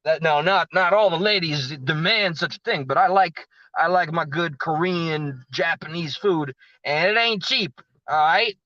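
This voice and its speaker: A slightly hoarse man telling a story in a rambling rant, with frequent restarts and fillers. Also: fairly high pitch, a little slow, hardly any pauses, pushed and bright, dry recording, highs cut off. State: slightly hoarse, losing his voice. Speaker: vlogger recounting a story.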